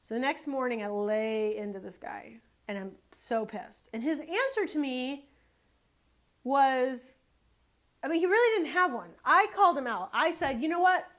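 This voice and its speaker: Brief: woman, higher-pitched, photographer telling a fed-up sales story, emphatic and animated. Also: a little slow. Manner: animated, exasperated, emphatic repetition. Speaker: photographer and small business owner. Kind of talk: casual storytelling sales advice.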